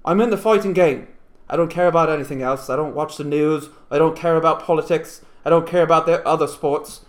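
A man's voice: fairly high pitch, a little fast, lightly acted. A man putting on a wavering Irish accent that drifts toward Australian, playing a brash male fighter who boasts bluntly. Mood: boastful. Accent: put-on Irish slipping Australian.

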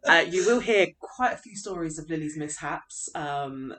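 A young woman co-hosting a podcast in casual chat, with dry teasing and many quick affirmations. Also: low voice, lively intonation, fairly bright tone, faint music behind. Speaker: podcast co-host.

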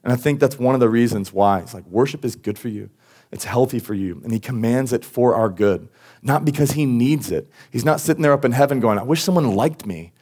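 A man's voice: mid-range voice, a little fast, darkish tone. Conversational man preaching a sermon. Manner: conversational, with frequent restarts and asides. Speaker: pastor. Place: church service.

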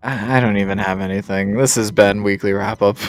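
A man's voice: fairly low pitch, steady tone, a little fast, very noisy. A man hosting a casual podcast, joking crudely and laughing often. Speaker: podcast host.

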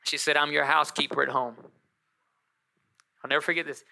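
Bright-voiced pastor joking in a sermon. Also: male voice, a little high, brisk, gravelly. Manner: animated storytelling with joking asides to the congregation.

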